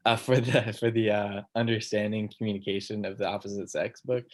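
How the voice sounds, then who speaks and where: A man's voice: lowish voice, flat delivery, moderate pace. A young man, a voice actor guest, telling a story in casual chat and laughing often.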